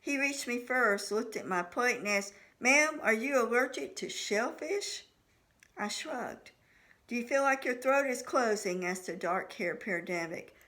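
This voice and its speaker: A woman's voice: a little high, lively intonation, a little slow, pushed and bright. A woman reading her own novel aloud in the first person, voicing the dialogue of each character. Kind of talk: audiobook narration.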